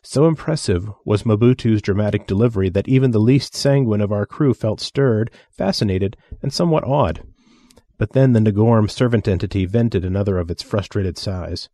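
A man narrates an audiobook story in a steady, measured way. His voice is mellow and dark, recorded dry and close. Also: fairly low pitch, dry recording.

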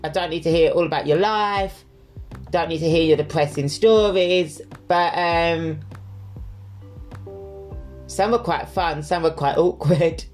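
Male podcast host, candid casual Q&A, lots of fillers, soft music underneath. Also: on the high side, a little slow, long pauses. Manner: candid and chatty, with frequent fillers. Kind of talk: casual solo Q&A chat.

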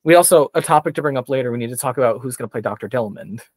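A man's voice: medium pitch, very fast, dry recording. A man chatting casually as a podcast guest, enthusiastic and rambling with fillers. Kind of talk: casual chat.

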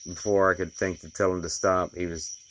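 A man's voice: low-pitched, level tone, a little fast, a bit bright, a little hiss or hum. A middle-aged man who installs glass, telling stories about his day in a rambling, folksy way with lots of fillers. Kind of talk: casual personal vlog.

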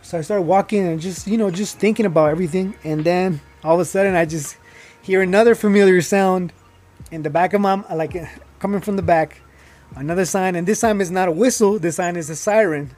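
A young man with a high voice tells his own story in loose, casual talk. He rambles, restarts often and leans on fillers, getting heated at times. Faint music plays behind him. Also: a little fast, darkish tone. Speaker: guest telling his life story.

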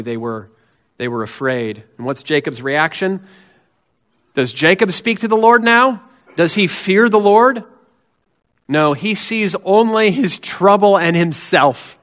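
An earnest male pastor preaches a sermon in a slightly high voice. He swings between emphatic, raised declarations and quiet, low asides. Every point is pressed with conviction. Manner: earnest, emphatic, rising on key phrases and dropping low and soft on others.

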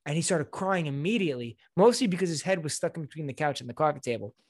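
A young podcast co-host with a fairly high, husky voice talks fast, recorded with clean studio sound and no room sound. He tells a story in an animated, profane way, acting out what people said.

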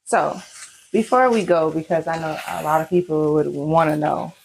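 A woman's voice: low-pitched, moderate pace, gravelly, a little hiss or hum, rough recording. A woman hosting a podcast, chatting casually and enthusiastically with her guest. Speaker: podcast host. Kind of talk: casual chat interview.

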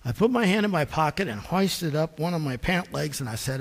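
Middle-aged pastor guy preaching, self-deprecating stories, pretty high voice, echoey church. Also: brisk, hardly any pauses. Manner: animated anecdotal storytelling, self-deprecating. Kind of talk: sermon. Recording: long reverb in a church hall.

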